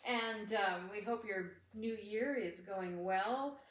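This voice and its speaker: A woman's voice: mid-range voice, slow, recorded from a distance, slight background noise. Chatty woman in an echoey room. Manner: chatty storytelling with frequent laughs. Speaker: podcast co-host. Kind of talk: casual chat.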